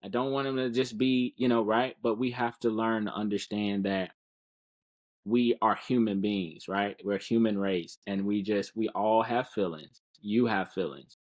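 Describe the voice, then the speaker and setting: A man's voice: fairly low pitch, steady tone, a little slow. A man speaking as a guest in a casual podcast interview, earnest and encouraging, often repeating words while he finds them.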